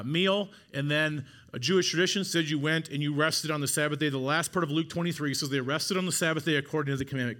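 A man preaching a sermon, retelling a scripture story dramatically, dropping to a hush and then building to emphatic repeated phrases. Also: on the high side.

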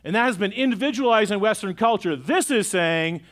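High-voiced pastor preaching conversationally. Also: male voice, animated, brisk, a bit bright. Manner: conversational, asks the congregation questions. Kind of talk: sermon. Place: church auditorium.

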